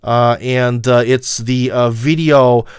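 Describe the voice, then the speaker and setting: Livestream host: Midwestern American man, rambling and emphatic, smooth dry voice, close to the mic. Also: medium pitch, fairly even intonation, takes it slowly, no room sound. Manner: rambling, many fillers, emphatic asides to viewers. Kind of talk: casual livestream monologue.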